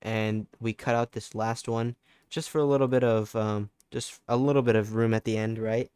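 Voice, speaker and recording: Laid-back young man, low even voice. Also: normal speed, smooth, no echo, studio quality. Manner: laid-back, loose, with fillers and restarts. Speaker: music producer tutor. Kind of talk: casual screen-recorded tutorial.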